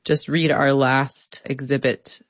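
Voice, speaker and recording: A woman reporter narrating a radio story in a clear, engaged storytelling manner. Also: extremely low pitch, little pitch movement, slow, dry recording. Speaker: contributing editor, reporter.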